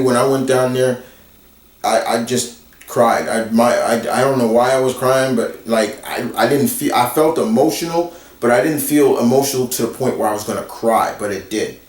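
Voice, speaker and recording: A man's voice: medium pitch, a little mellow. A man, a YouTuber casually answering viewer questions in a rambling, conversational way, talking straight to his audience. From New York area. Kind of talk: casual Q&A vlog. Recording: roomy echo, distant from the mic.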